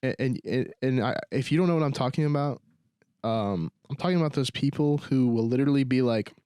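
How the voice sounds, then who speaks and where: A man's voice: medium pitch, a little fast, warm tone, smooth, no room sound. Young male podcast host, casual sarcastic ranter, medium voice, dry recording. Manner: slangy, repeats "dude" and "bro", sarcastic. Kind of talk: solo casual rant.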